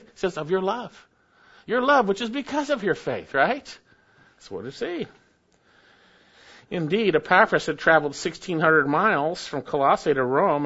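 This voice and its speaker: Animated lively preacher man. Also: on the high side, muffled recording. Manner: expository preaching with scripture quotes and repetition. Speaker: pastor. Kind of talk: sermon.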